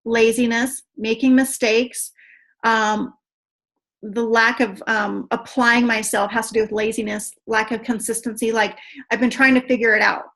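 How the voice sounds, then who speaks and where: A woman leading an online team training, chatty and excitable, often saying "you guys.". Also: on the high side, creaky. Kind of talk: online video call training. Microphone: video call.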